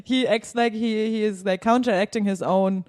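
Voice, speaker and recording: A woman's voice: medium pitch, steady tone, moderate pace, a little mellow. Woman co-host, loose casual chat, giggles and swears often.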